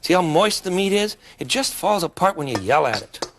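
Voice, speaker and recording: Lively folksy man hosting a cooking show. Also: high voice, normal speed, noisy background. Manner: folksy and chatty, with jokes and asides; excitable, voice jumping up when enthused. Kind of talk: cooking demonstration. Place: television studio kitchen.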